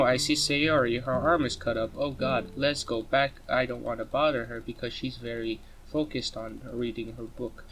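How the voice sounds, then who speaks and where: A man's voice: medium pitch, fairly bright tone, slight background noise. Casual swearing young-sounding gamer man. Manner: swears freely, stumbles and restarts while reading. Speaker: let's play gamer. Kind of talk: game commentary, reading visual novel text aloud.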